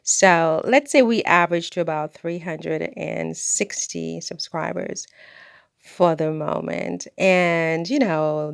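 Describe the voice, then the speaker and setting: A woman's voice: fairly low pitch, vocal fry, clean tone, no echo, clean studio sound. A woman from the Caribbean vlogging on her own channel, chatting in a rambling, talkative way and breaking into laughter. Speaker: YouTuber. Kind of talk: casual vlog monologue.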